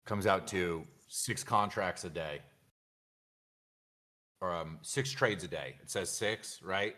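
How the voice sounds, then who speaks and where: Deep-voiced blunt man streaming trades. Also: slow, sharp tone. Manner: blunt, argumentative, counts aloud while checking numbers. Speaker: live trading streamer. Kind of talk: casual livestream talk.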